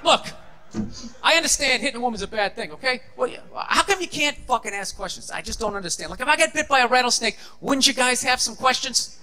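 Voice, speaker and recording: A man's voice: very high voice, expressive, quick pace, pushed and bright. A man performing a stand-up comedy set, ranting and sarcastic, swearing often. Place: comedy stage before a live audience.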